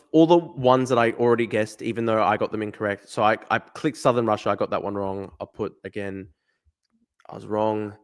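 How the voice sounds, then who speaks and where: A young Australian man streaming live, thinking out loud as he plays a guessing game, swearing often and talking to his chat. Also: lowish voice. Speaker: livestreamer. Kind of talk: casual live-stream commentary.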